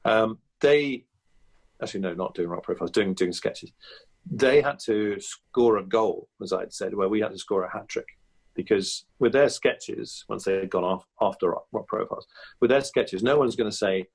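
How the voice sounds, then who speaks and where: A man's voice: on the low side, moderate pace, gravelly, slightly rough. A male comedian and impressionist, the guest on a podcast interview, reflective and chatty with many restarts and asides.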